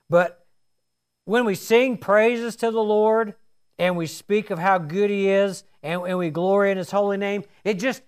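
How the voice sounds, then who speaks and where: A man's voice: sits high, smooth. A middle-aged man preaching a sermon in a folksy, storytelling way with homespun asides.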